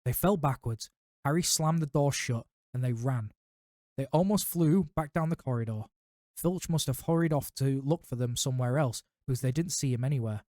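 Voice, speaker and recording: Man reading a story in a mellow voice. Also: medium pitch, normal speed, no room sound, clean studio sound. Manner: steady narration with small slips. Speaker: reader. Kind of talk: audiobook reading of a novel.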